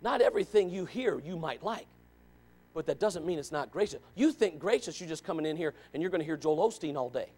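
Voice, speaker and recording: A man in his forties preaching a sermon in church, animated and questioning, swinging from loud to quiet. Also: on the high side, fairly quick. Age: 40s.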